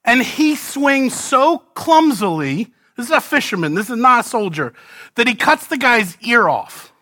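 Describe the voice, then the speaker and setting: A man preaching an expository sermon, asking rhetorical questions and swinging between loud emphasis and hushed lines. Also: very high voice, big pitch swings, a little slow, no echo, clean studio sound. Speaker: pastor.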